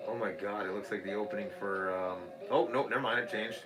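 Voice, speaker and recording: A man in his thirties co-hosting a casual talk show, loud and crude, laughing and singing old theme songs. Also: fairly low pitch, fairly even intonation, fairly quick, over loud music. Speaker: podcast co-host. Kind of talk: casual chat.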